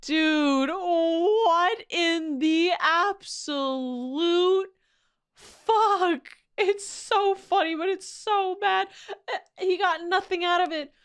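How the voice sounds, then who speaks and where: Woman, streamer, high pitch, unhurried, casual reaction commentary, exclaiming. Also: a bit bright. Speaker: VTuber reacting to a video.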